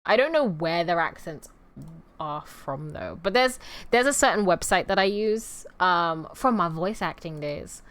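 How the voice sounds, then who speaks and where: A woman's voice: fairly low pitch, lively intonation, unhurried, fairly bright tone. Chatty rambling woman streamer. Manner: rambling, chatty, playful asides to chat; addresses viewers as "you guys" and "y'all". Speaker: VTuber streamer. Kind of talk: casual stream chat.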